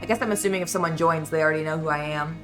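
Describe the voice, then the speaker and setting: A young adult woman streams a game, chatting casually in a live stream and rambling with lots of fillers. Her voice is low-pitched and fairly bright, delivered rapid-fire over soft background music.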